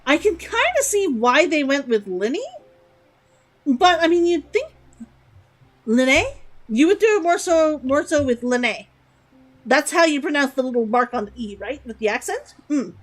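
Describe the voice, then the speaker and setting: A woman's voice: high-pitched, very animated, moderate pace. A woman streaming a game, chatting casually and giggling as she answers her chat.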